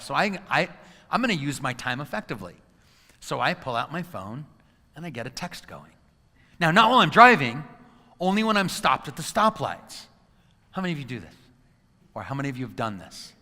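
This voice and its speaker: A middle-aged man gives a lively motivational talk. He acts out scenes from his story and keeps asking the audience questions. His voice is bright and forceful, and it rings through a large hall with a long reverb. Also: fairly high pitch. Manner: animated storytelling, acting out scenes, quizzing the audience. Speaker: motivational speaker and coach.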